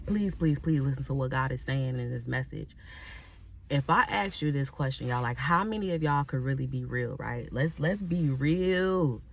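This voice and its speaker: A woman's voice: extremely low pitch, moderate pace, gravelly, a little hiss or hum. A woman who works as a Christian life coach, giving an emphatic motivational message straight to her audience, repeating phrases and often asking "right?". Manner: addresses audience directly and casually. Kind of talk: motivational preaching to camera.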